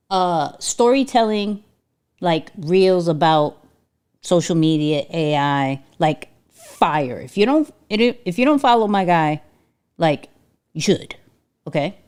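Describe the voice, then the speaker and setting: A woman's voice: on the low side, sing-song, slow pace, a little mellow, clear, resonant tone. A woman hosting a casual livestream, chatting to viewers, reading out their comments and tagging sentences with "right?". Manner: reads chat aloud, repeats herself, many "right?" tags. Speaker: livestream host. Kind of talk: casual interactive livestream chat.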